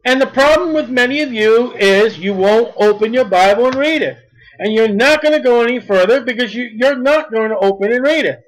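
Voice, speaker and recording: High-voiced man preaching. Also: rough recording. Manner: emphatic, reads scripture slowly then speeds up. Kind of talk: sermon.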